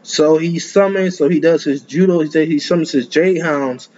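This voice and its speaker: Young guy rambling thru an anime recap, kinda high voice, lots of "and, and", dull lo-fi mic with faint room noise. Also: normal speed, dark tone. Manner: rambling, stammering restarts, slangy. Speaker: anime reaction host. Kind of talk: casual reaction commentary.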